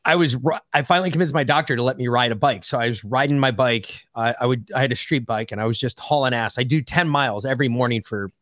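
A man swaps stories on a casual podcast, rambling and swearing freely as he goes. His voice sits at an ordinary middle pitch. It is recorded dry and close, with no room sound. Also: quick pace, hardly any pauses, fairly bright tone, no room sound. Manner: profane, rambling anecdotal storyteller. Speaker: podcast co-host. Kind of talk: casual storytelling chat.

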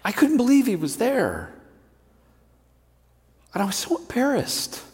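A man's voice: extremely high pitch, measured pace, husky, long reverb tail, pitched above the performer's own voice, heavily acted. A man voicing the apostle Peter, a humbled grown man earnestly retelling his own story. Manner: earnest first-person retelling, excitable.

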